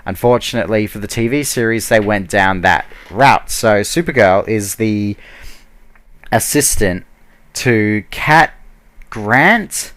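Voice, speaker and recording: A video blogger delivers a heated, casual rant of a review, packed with fillers and restarts. His voice sits on the low side, clear and resonant.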